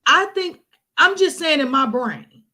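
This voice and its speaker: Female host, a bit high-pitched, casual and questioning. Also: expressive, measured pace, sharp tone. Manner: interjecting, questioning. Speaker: podcast host. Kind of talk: casual chat.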